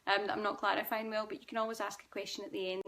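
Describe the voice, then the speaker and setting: A woman's voice: medium pitch, level tone, very fast, a bit bright. A young Scottish woman hosting a live stream, reading viewer comments and answering them in a chatty, reassuring way. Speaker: host.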